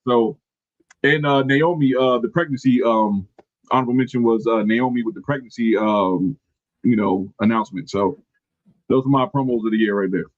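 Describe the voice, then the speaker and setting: A man's voice: mid-range voice, normal speed, no room sound, highs cut off. A man co-hosting a wrestling podcast in casual, slangy chat, laid-back and sometimes searching for names. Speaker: podcast co-host.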